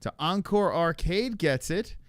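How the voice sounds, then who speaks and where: Lively, rambling male streamer, dry sound. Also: high voice, a little slow, no echo. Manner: rambling, swearing, laughing at chat, many restarts. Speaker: livestream host. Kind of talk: casual live-stream chat reading viewer comments.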